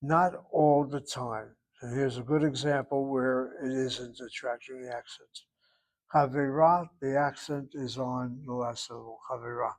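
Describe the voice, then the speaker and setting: A man's voice: mid-range voice, steady tone, moderate pace, few pauses. A man teaching a Hebrew class, explaining vowels and grammar patiently and methodically, correcting students. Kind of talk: online class instruction.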